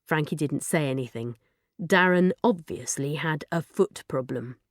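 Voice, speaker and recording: A woman narrating a children's audiobook in a lively storytelling manner. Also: low-pitched, measured pace, no room sound, studio quality.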